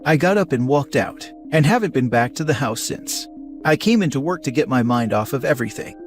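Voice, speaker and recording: A man narrates a written post aloud in a steady, even storytelling voice. His pitch sits in the middle of the range. Soft music plays faintly underneath. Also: a little fast. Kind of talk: reading an online post aloud.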